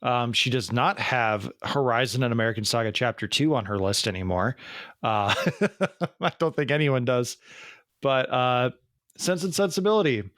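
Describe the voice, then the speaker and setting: Man, podcast co-host, casual chat, jokey, laughs often, mid pitch, dry close sound. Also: moderate pace, a bit bright, dry recording. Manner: jokey, laughs often, puts on bad mock accents.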